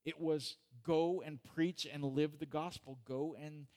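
A man's voice: on the high side, fairly even intonation, a little slow, warm tone. A middle-aged male pastor preaching a sermon in a conversational, joking way, often asking the congregation questions.

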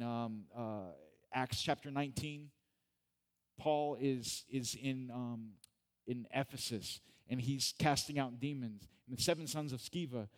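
A middle-aged pastor preaches to his congregation in a relaxed, conversational voice. He jokes and checks in with his listeners. His pitch sits in an ordinary middle register. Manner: conversational and joking, asks the congregation questions. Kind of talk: sermon.

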